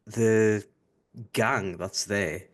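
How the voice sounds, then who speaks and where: Dry, low-voiced Northern English co-host. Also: male voice, fairly even intonation, extremely slow. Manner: dry, grumbling, sweary. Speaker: podcast co-host. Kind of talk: casual chat.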